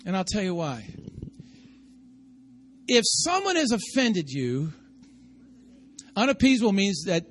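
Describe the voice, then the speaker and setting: High-voiced man preaching a lively sermon. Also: takes it slowly, long pauses. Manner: conversational preaching, rising to shouts; asks the congregation for responses. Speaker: pastor.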